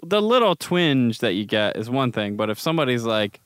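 A young man in relaxed podcast chat, halting and full of fillers. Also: mid-range voice, smooth, no echo, studio quality. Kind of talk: casual chat.

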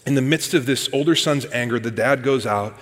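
A man's voice: mid-range voice, brisk, fairly bright tone. Conversational male preacher in a reverberant hall. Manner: conversational storytelling, addresses listeners as "guys". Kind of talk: sermon.

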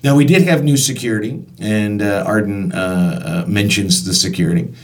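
A man's voice: lowish voice, moderate pace. A man telling a personal work anecdote in a conversational way, often restarting sentences and acting out dialogue. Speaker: storyteller recalling work as concert venue staff. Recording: voice picked up from a distance.

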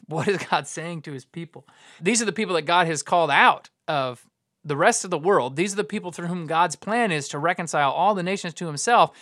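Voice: mid-range voice, fairly quick, a bit bright, no echo. Informal preacher, dry close sound. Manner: informal, repeats and restarts words, acts out quoted lines. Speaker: pastor. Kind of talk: conversational sermon.

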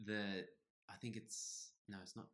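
A man in his twenties co-hosting a podcast, telling stories in a relaxed, casual chat. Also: on the low side, normal speed. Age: 20s. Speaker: podcast co-host.

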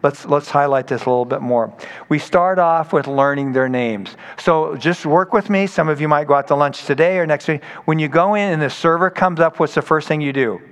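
A man's voice: on the high side, brisk, fairly bright tone, clear, resonant tone. A man preaching a sermon in a conversational, storytelling way, acting out quoted people as he goes. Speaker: pastor. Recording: long hall reverb.

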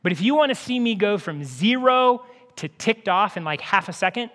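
A middle-aged man with a high-pitched voice preaches to his congregation in a relaxed, conversational way that builds to earnest peaks. His voice rings out with a long hall reverb from the church auditorium. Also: normal speed. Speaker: pastor. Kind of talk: sermon.

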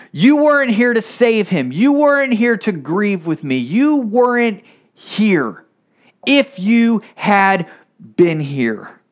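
A male pastor preaching a sermon, reading scripture with expressive, dramatic emphasis. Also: a little high.

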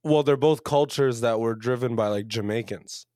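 A man co-hosting a casual comedy podcast, playful and quick to slip into mock accents. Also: medium pitch, darkish tone, no echo, studio quality. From Canada. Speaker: podcast co-host.

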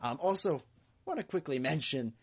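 A man's voice: a little high, expressive, normal speed, slightly rough. A man co-hosting a fan podcast in casual chat, laughing often and restarting his sentences. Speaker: podcast co-host.

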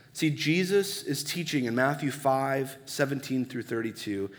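A pastor delivers a sermon in a large hall whose long reverb hangs on every word. His mid-range voice is animated and a little slow, with hardly any pauses, and he preaches conversationally, tossing out rhetorical questions.

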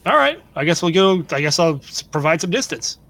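A man with a high voice chatting casually as a player in a tabletop game. He answers in short, easygoing replies. His voice is recorded close and dry, with no room sound. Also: sing-song, fairly quick, fairly bright tone, no echo.

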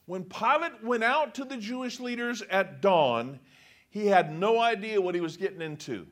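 A man with a high voice preaches a sermon. He reads scripture aloud and acts out the quoted speakers with dramatic flair. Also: expressive, normal speed, a bit bright. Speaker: pastor.

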